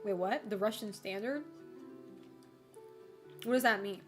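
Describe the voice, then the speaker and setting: A woman's voice: medium pitch, a little slow, fairly bright tone, faint music behind. A young woman livestreaming, chatting casually and rambling with lots of fillers, casual swearing and frequent laughter. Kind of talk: casual chat while streaming.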